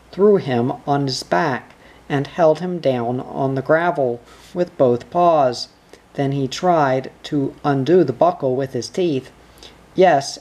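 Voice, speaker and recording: A narrator reading a children's storybook aloud at a slow, deliberate pace. The delivery is careful and measured. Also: medium pitch, a little mellow.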